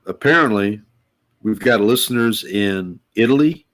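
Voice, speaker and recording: Low-voiced, easygoing male podcast host. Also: expressive, unhurried, a bit bright. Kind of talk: casual chat.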